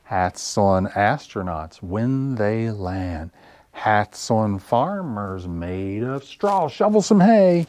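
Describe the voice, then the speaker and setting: A middle-aged man, a children's librarian, leading a rhyme at story time in a slow, sing-song, animated way. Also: fairly low pitch, dry recording.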